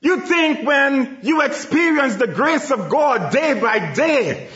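A man preaching a sermon with emphatic delivery that swells into shouts. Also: very high-pitched, sing-song, slow. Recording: echoey room, dull lo-fi sound.

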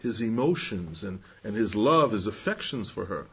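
A man preaching a sermon to young people, conversational and animated, acting out the scenes as he tells them. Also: lowish voice, moderate pace, slightly rough. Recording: slightly dull lo-fi sound.

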